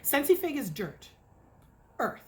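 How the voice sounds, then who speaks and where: A middle-aged American woman gives a casual home review of wax melts. Her voice sits a little high, and she talks in an excitable, rambling way, dropping curses as she goes. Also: unhurried, slight background noise. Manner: chatty, excitable, swears casually. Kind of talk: casual chat. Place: home near an airport.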